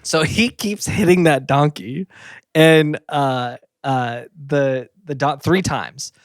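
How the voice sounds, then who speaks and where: A man's voice: a little high, slow, no echo. Laughing male podcast co-host, dry sound. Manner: laughing often, retells a story animatedly. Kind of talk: casual chat.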